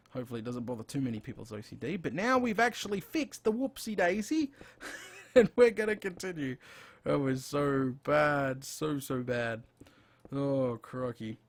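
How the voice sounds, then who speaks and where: A man's voice: mid-range voice, vocal fry. An Australian man hosting a casual gaming live stream, chatty and rambling, with frequent exclamations as he plays. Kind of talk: casual live-stream chat while playing.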